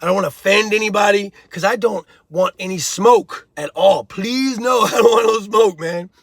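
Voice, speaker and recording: A man's voice: high-pitched, normal speed, no echo, clean studio sound. A man hosting a casual commentary vlog, talking bluntly in streetwise slang and lecturing the viewer directly. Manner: blunt, streetwise, preachy, addresses viewer as bro and homie. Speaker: host of a prison-life commentary channel.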